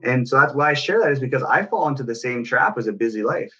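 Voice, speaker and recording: A man's voice: mid-range voice, expressive, fast, pushed and bright, breathy edge, highs cut off. A man, a parenting coach, telling a personal story in an earnest, reflective way. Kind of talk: personal story in casual talk.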